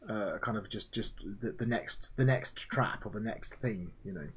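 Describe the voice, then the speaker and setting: A man's voice: on the low side, normal speed, a bit bright, breathy edge. A man playing through a student game, chatting about it and reading its lines aloud. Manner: chatty, muses aloud, reads game text aloud. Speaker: lecturer playing student games. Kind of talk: let's play with feedback commentary.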